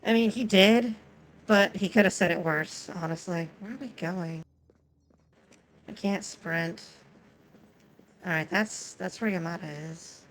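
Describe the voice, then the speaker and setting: A woman streamer whose first language is Japanese talks through a game in loose, profane chatter aimed at her chat. Her voice is gravelly and sits on the low side. Faint noise hums behind her. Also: a little slow, long pauses, rough recording. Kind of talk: casual game commentary.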